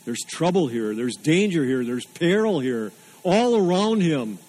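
A man's voice: fairly high pitch, very animated, measured pace, a little mellow, poor audio. A man preaching a sermon, earnest and emphatic, repeating phrases for weight. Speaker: pastor.

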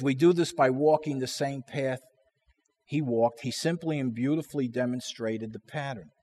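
A male preacher giving a Bible teaching in sermon style. He speaks slowly and deliberately, in a slightly higher-than-average voice. He leans on key words and repeats them for emphasis.

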